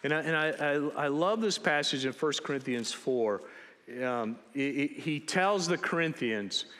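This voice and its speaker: Animated male preacher, bright voice, reverberant hall. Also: fairly high pitch, measured pace. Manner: animated storytelling, acting out biblical characters. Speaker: pastor. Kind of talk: sermon.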